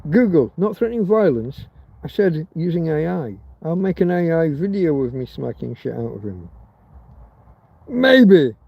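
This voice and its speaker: A man's voice: fairly high pitch, big pitch swings, normal speed, vocal fry, breathy edge, highs cut off. A man from Britain hosting a rambling livestream chat, crude and joking, swearing freely. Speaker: livestream host. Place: outdoors in a field in Spain.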